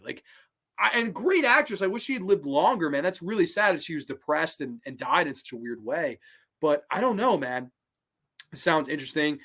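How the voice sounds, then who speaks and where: A mid-pitched podcast host rambles through a casual review of an old series. The host swears freely, piles up fillers and thinks aloud in a baffled, questioning way. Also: fairly bright tone.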